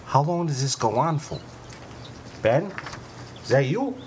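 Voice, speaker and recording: A man's voice: mid-range voice, lively intonation, measured pace, slight background noise. A man performing a comic mailbag segment, reading letters with mock exasperation and rising panic.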